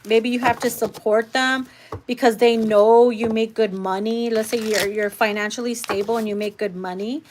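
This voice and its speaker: A woman's voice: on the high side, fairly even intonation, moderate pace, a little mellow, slight background noise. A woman giving a casual live tarot reading, talking bluntly and swearing freely. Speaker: tarot reader.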